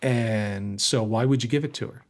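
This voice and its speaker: A man co-hosting a casual podcast, talking in an animated, joking way. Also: mid-range voice. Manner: animated, joking, quick to riff. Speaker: podcast co-host. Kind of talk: casual chat.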